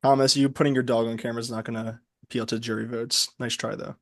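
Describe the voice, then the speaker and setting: A man's voice: mid-range voice, flat delivery, quick pace, no echo, clean studio sound. A man talking game strategy casually with other contestants, joking and slangy.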